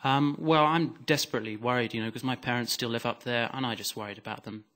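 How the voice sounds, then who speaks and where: A man from Scotland on a comic radio panel, deadpan and self-mocking. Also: medium pitch, fast. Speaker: comedy panelist.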